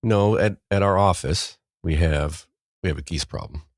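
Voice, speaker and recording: Middle-aged Midwestern man, very low voice, rambling storyteller, dry close mic. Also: moderate pace, no room sound. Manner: rambling storyteller, acts out quotes loudly. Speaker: podcast co-host. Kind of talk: casual chat.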